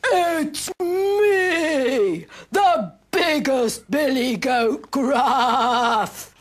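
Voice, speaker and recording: A big, bold male billy goat who bellows loud and drawn out, as a woman acts him. The voice is high and swings widely, read slowly for children over faint hiss. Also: lively intonation, exaggerated voice. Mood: defiant.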